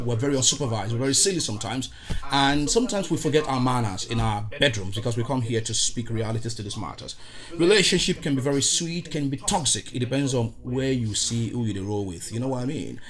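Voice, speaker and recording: A Nigerian man hosting a podcast with a showy, exuberant intro, mixing in Pidgin. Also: a little high. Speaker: podcast host. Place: recorded studio in Ottawa.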